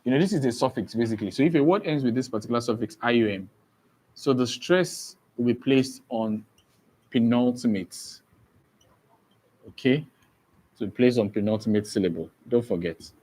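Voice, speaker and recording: A man's voice: mid-range voice, moderate pace, a little mellow. Man teaching a stress rule. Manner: asks the class questions and repeats key points. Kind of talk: exam-prep classroom lesson.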